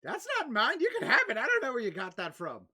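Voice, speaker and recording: A game master voicing a flustered, confused old woman merchant in a tabletop game, shrill and fretful. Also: wildly swooping pitch, a little fast, sharp tone, slightly rough, exaggerated voice. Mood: doddering.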